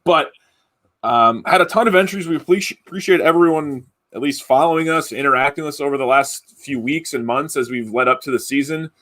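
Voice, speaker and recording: A man's voice: on the high side, a little fast, a bit bright. A man hosting a live stream giveaway, chatting loosely with many fillers and restarts. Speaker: podcast host running a giveaway. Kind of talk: casual live-stream chat.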